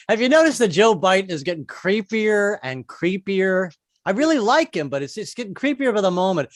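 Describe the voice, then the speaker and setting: Brief: stand-up man in his 50s, high-pitched, dry close mic, rambling, self-mocking. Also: sing-song, normal speed, dry recording. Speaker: stand-up comedian. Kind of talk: stand-up comedy set.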